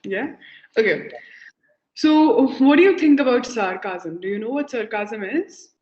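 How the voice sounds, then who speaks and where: A woman's voice: a little high, lively intonation, measured pace. A young woman tutoring over a video call, chatty and laughing often as she explains things with examples. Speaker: English tutor. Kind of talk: conversation practice lesson. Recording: echoey room, dull lo-fi call audio.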